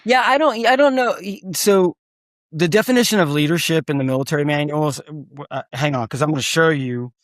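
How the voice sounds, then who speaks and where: Man, guest storyteller, emphatic, casual, fairly high voice, dry sound. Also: a little fast, no echo. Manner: emphatic, rising to near-shouts at key points. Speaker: guest, combat veteran and speaker. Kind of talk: storytelling interview talk.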